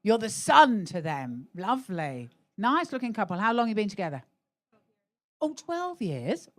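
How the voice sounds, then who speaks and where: A woman's voice: medium pitch, sing-song, unhurried, fairly bright tone. A middle-aged woman doing live stand-up in a comedy club, blunt and sweary, teasing audience members about their relationships. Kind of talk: live stand-up crowd work.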